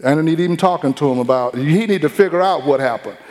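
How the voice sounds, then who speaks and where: A man's voice: a little high, quick pace, darkish tone. A middle-aged man, preaching a sermon in a folksy, humorous storytelling style, acting out quotes. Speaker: pastor. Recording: long hall reverb.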